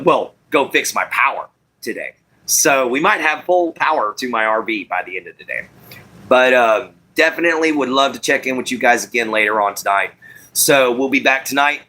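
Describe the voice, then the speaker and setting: A Texan man with a country twang hosts a loose, rambling live-stream chat. His voice sits a little high for a man and is bright and forceful. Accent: Southeast Texas country twang.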